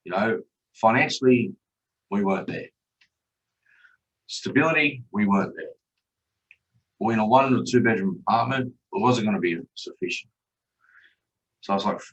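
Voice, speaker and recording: A man's voice: fairly low pitch, moderate pace, pauses often, far from the mic, muffled recording. A man, a podcast guest telling his own story candidly and bluntly, swearing freely. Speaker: podcast guest, chef and father.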